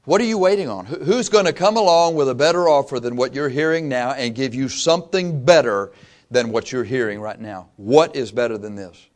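A man preaching a sermon, impassioned and emphatic, swinging from loud peaks to quiet asides and repeating phrases for emphasis. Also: medium pitch, a little fast.

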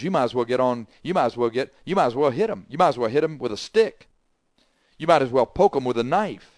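A male preacher delivers a scolding sermon in a middle-pitched voice. He drives points home with loud bursts, then drops into quiet asides. The sound is close and dry. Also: no room sound.

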